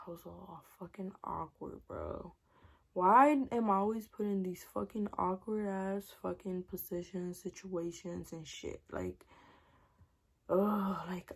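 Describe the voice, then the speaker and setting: A young woman recounts a personal story to her viewers in a casual vlog. Her voice is warm and mellow, and she swears freely while acting out what each person said. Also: fairly low pitch, vocal fry, husky. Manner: animated, profane, acts out dialogue.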